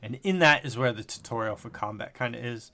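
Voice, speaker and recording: A man's voice: mid-range voice, a little fast, bright, forceful tone. Casual, rambling podcast man. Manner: rambling, profane storytelling. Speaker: podcast co-host. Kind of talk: casual chat.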